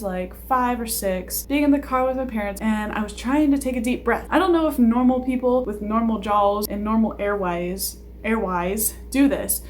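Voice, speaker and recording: A woman's voice: a little high, a little hiss or hum. Chatty young woman, rambling vlog rant. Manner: chatty, self-deprecating, rambling with asides and sighs. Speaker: vlogger. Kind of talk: casual rant to camera.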